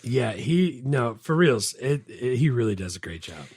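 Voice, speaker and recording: Southern man, husky voice, lively swooping pitch, laid-back and jokey, dry close mic. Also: normal speed, no room sound. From American South. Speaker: podcast co-host. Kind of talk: casual chat.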